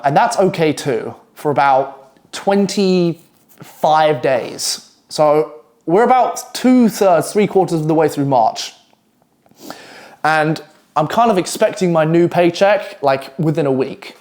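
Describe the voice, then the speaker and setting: Swearing British man, slightly high voice. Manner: swears often, animated, quick asides. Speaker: copywriter telling a work story. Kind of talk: casual storytelling to camera.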